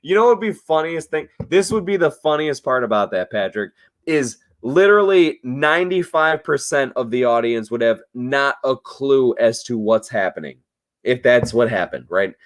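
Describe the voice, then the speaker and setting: Tipsy man chatting loosely with viewers. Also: moderate pace. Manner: loose, swearing, swings between low mutters and excited outbursts. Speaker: livestream host reading chat. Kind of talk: casual after-show chat.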